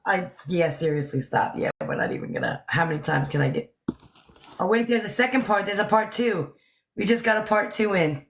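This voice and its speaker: A woman hosting a casual live stream chat who laughs often and talks in an animated way. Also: mid-range voice, a little fast, background noise.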